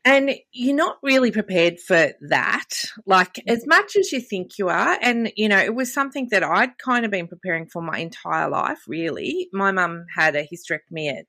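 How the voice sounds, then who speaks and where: A woman's voice: mid-range voice, moderate pace, hardly any pauses, no room sound. Candid woman in her fifties. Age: 50s. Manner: candid, animated storytelling with quoted dialogue. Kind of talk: casual podcast conversation.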